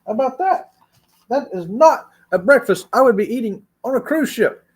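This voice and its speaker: Male livestream host from Florida, husky, animated pitch, chatty and laughing, y'all to viewers. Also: moderate pace. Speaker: travel channel host. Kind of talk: casual livestream chat. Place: hotel room.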